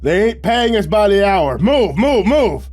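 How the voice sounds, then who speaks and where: A man's voice: mid-range voice, lively intonation, normal speed, a little mellow, soft background music, voice pushed up, close to an everyday voice. A man voicing a domineering, sneering military commander who barks orders and mocks. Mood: shouting. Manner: barking orders, mocking.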